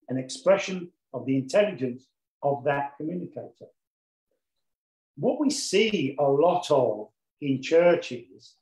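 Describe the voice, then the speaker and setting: A man's voice: fairly high pitch, reverberant, poor audio. A man teaching a class on mediumship, explaining his points patiently and repeating key phrases for emphasis. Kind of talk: lecture on mediumship.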